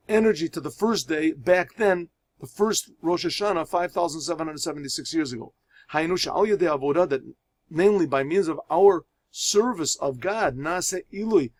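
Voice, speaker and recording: A man, a rabbi teaching a religious class, who reads Hebrew phrases aloud and explains each one in English, telling parables with pauses and restarts. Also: a little high, darkish tone. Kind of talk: religious lesson.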